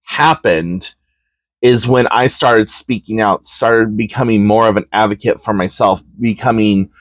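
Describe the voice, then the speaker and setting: A man's voice: lowish voice, measured pace, no room sound. A man hosting a podcast, telling a personal story in a candid, reflective way with frequent ums and likes. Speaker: podcast host.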